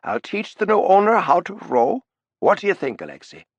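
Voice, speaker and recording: A man doing a hearty old boat builder in an audiobook, pitched up above the narrator, swinging all over with lively, exclaiming cheer, in a dry close-miked studio. The old man sounds eager to show off his work. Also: moderate pace, breathy edge, no room sound, muffled recording, full character voice. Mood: cheerful.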